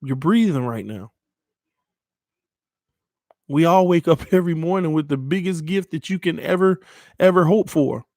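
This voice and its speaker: A man's voice: a little high, a little fast, darkish tone, no room sound, clean studio sound. A man hosting a sports channel, giving an earnest, emotional motivational talk to his viewers, often repeating phrases and calling them "man" and "y'all", shaken after hours of crying.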